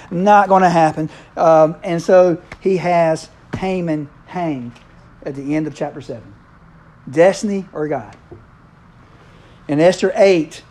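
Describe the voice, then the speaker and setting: A man's voice: fairly high pitch, darkish tone. A man preaching a casual, conversational sermon, playfully acting out the characters' lines. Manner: playful, acts out characters' lines in quick voices.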